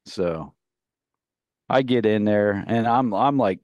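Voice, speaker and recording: A man with a low voice co-hosting a talk radio show, drifting through long anecdotes and chuckling at his own punchlines. His voice sits close and dry on a studio microphone, with no room sound behind it. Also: takes it slowly, darkish tone, no room sound, dull audio. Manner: rambling anecdotal storyteller, laughs at his own stories. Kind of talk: casual radio banter.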